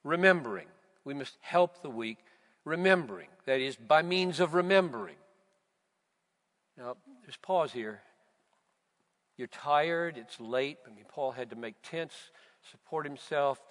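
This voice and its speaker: Slow, fervent preacher man in a hall. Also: medium pitch. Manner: slow and emphatic, swelling to loud, fervent repetitions. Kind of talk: sermon. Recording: long reverb of a large hall.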